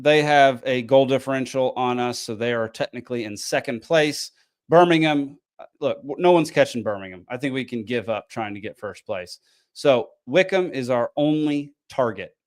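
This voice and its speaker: A tired man, hosting a casual podcast and recapping a frustrating match with lots of ums and restarts. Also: mid-range voice. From American South. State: tired, yawning. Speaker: podcast host.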